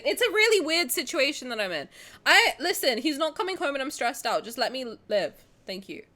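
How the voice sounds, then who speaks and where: A woman's voice: medium pitch, a bit bright. A young woman streaming from home, bantering with her chat, swearing freely and breaking into laughter. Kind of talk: casual live-stream chat.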